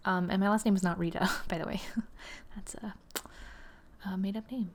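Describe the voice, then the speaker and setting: A woman's voice: mid-range voice, steady tone, moderate pace. A young woman in her twenties chatting through gameplay commentary, rambling with lots of fillers and sometimes dropping to a whisper. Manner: chatty and rambling, with frequent "like" and "um" and some laughter. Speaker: gaming channel host.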